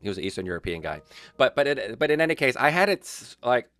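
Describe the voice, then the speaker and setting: Lively-pitched man telling a story. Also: quick pace, no room sound. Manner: animated storyteller with many restarts. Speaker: podcast co-host, wedding photographer. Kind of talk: casual chat.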